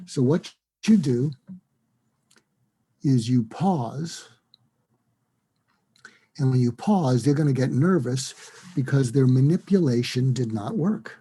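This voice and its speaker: A man, a psychiatrist, giving advice in an interview, acting out lively example dialogues. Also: mid-range voice, takes it slowly, pauses often, slightly rough. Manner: animated, acts out dialogue in quoted voices. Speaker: psychiatrist and guest.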